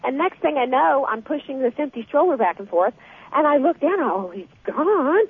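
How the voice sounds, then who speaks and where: A woman guest telling a story with lively, animated energy in a radio interview, heard over the phone. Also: high-pitched, normal speed, dry recording. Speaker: guest author. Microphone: telephone. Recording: tinny phone line.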